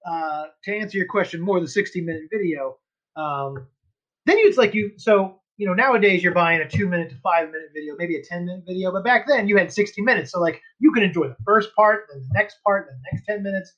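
High-voiced man rambling on a podcast. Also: fast talker, fairly bright tone, highs cut off. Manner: rambling, explains at length. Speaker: podcast co-host. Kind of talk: casual chat.

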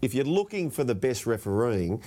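A man's voice: medium pitch, big pitch swings, moderate pace, warm tone. A man co-hosting a sports podcast, dry and needling, stating firm opinions. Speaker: podcast co-host. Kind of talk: casual sports podcast chat.

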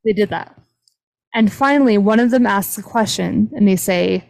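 A woman's voice: medium pitch, unhurried, gravelly, darkish tone, rough recording. A young woman hosting a casual podcast, retelling a paranormal investigation with lots of fillers. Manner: chatty, retelling a paranormal story with many "like" fillers. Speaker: podcast host. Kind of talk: casual storytelling chat.

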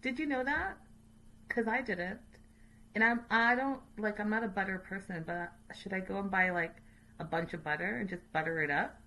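A woman's voice: mid-range voice, normal speed, sharp tone, poor audio. A woman in a casual chat, recapping a reality show for her viewers, opinionated and chatty with sassy asides.

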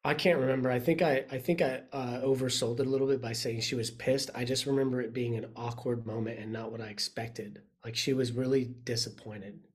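A man in casual chat, relaxed and open, swearing freely as he talks with a friend. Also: medium pitch, a little fast, few pauses.

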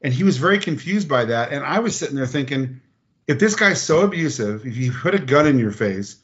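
A man telling personal stories in a casual podcast chat, animated and blunt, acting out quotes and swearing freely. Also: medium pitch, fairly quick, muffled recording. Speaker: podcast guest.

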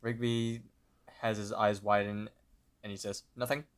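A man's voice: on the low side, clear, resonant tone. A young man co-hosting a podcast, casually retelling a cartoon episode and briefly imitating the characters. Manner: relaxed, retells scenes with quick character voices. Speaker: podcast co-host.

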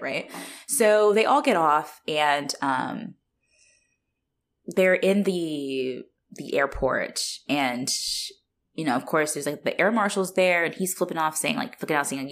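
A woman's voice: deep voice, measured pace. A young woman casually recapping a movie on a podcast, swearing freely and laughing often. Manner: profane, animated, laughs often. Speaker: podcast co-host.

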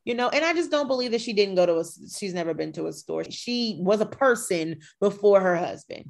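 A woman's voice: medium pitch, a little fast, gravelly, a little hiss or hum. A woman hosting a podcast, chatting casually and gossiping with lots of energy. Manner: animated, gossipy, shifts into mock voices. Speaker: podcast host. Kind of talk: casual chat.

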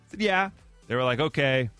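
Bright, animated male radio host. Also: medium pitch, brisk, clean tone, no echo, soft background music. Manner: playful, laughs often, acts out quotes. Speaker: radio morning show host. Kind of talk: lively radio banter. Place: radio studio. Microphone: studio microphone.

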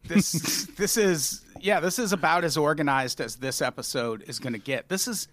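A man's voice: a little high, normal speed. A man hosting a comedy podcast, teasing his co-host and guest in casual banter. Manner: animated, teasing, sarcastic.

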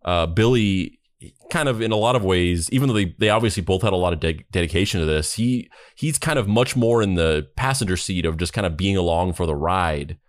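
A man's voice: deep voice, a little fast, dry recording, studio quality. A man hosting a podcast in casual chat, rambling with many restarts. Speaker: podcast host.

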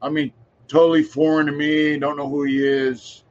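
A middle-aged podcast host tells his own story in a relaxed, rambling way, his voice a little high and his pace moderate. He tends to drop into a mutter at the ends of lines, and the audio is dull, muffled, and lo-fi.

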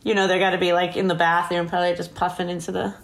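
A woman's voice: on the low side, rapid-fire, a little hiss or hum. A woman guest telling a story in a casual interview, laughing often and acting out what people said. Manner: animated, laughing often, acts out quoted lines.

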